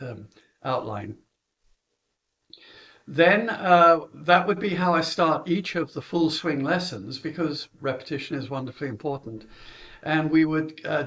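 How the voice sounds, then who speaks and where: With a high, fairly bright voice, a middle-aged man from Britain who coaches golf chats about running his junior lessons, with chuckles and fillers. The recording has its highs cut off.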